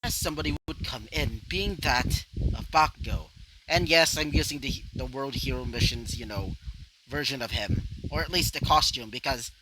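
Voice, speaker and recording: A man's voice: medium pitch, moderate pace. A man casually narrating a fan story, rambling with many fillers and asides. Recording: noisy home recording.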